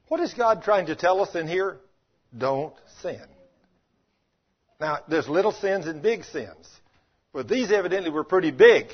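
Husky high-voiced folksy preacher man. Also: dull audio. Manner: folksy, conversational, asks the congregation questions. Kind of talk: sermon.

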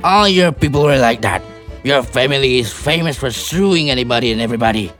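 A man plays a stubborn old landowner in a stage comedy. He stammers, repeats himself and trails off with fussy filler. His voice sits at a middle pitch with faint music underneath. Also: lively intonation, brisk, a bit bright, close to an everyday voice. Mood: indignant. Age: older. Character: older male landowner, blustering and stubborn. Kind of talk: amateur stage play reading.

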